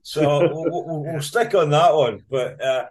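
Middle-aged Scottish co-host, higher pitch, quick wry interjections. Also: male voice, darkish tone. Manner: joking, short interjections. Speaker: podcast co-host. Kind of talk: casual banter.

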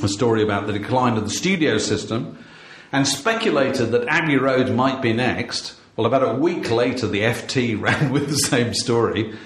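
A man's voice: mid-range voice, lively intonation, moderate pace, few pauses, a bit bright, echoey room. A man hosting a podcast, chatting casually and telling wry stories with frequent laughs. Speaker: podcast host. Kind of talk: casual chat.

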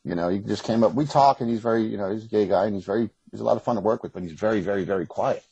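A husky, raspy man talks quickly and candidly as an interview guest. His voice sits low, and he rambles with restarts. The sound is dry and close. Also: mellow, dry recording, dull audio. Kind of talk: casual interview conversation. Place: West Coast.

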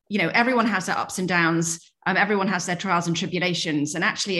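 Middle-aged woman, light Yorkshire accent, lowish voice; earnest interview guest who talks in measured phrases. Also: fairly bright tone. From England. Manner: earnest, measured, with frequent fillers and restarts. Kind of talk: reflective interview conversation.

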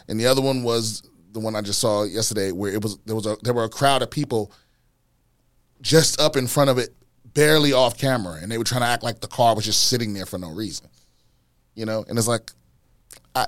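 A man hosting a casual podcast, ranting in a profane, animated way and repeating himself as he gets worked up. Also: medium pitch, no echo, clean studio sound. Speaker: podcast host, comedian.

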